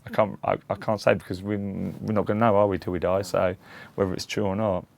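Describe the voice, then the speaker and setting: Gravelly man telling a story. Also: low voice, little pitch movement, a little fast, no echo. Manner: rambling anecdotes, acts out voices in quotes. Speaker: interview guest, tribute act to a famous singer. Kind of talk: casual storytelling in an interview.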